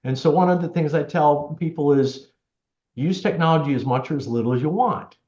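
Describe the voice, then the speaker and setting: A man's voice: a little high, a little fast. A man being interviewed, casually telling stories and acting out what people said. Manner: chatty, animated storyteller, acts out quotes. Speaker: tech helper for seniors, guest. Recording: roomy, slightly dull sound.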